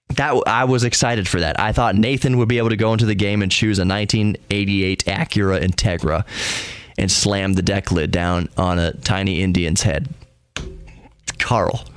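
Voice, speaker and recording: A man in his thirties hosts a casual podcast with a fairly low voice. He tells comic personal stories and laughs at his own jokes. The mic is close and the sound is dry, with no room echo. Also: smooth. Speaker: podcast host. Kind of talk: casual comedic storytelling.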